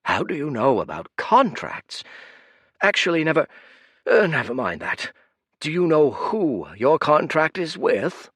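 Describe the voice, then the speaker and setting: A man voicing an ancient, weary high priest who is pompous yet desperate, calling out in shrill, wheezing shouts. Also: sing-song, measured pace, breathy edge, no room sound, full character voice. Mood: flustered.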